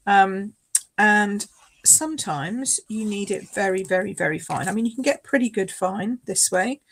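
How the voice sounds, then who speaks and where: A woman's voice: mid-range voice, moderate pace, vocal fry. A woman demonstrating card making in a live craft tutorial. She chats casually, often apologises and laughs along the way.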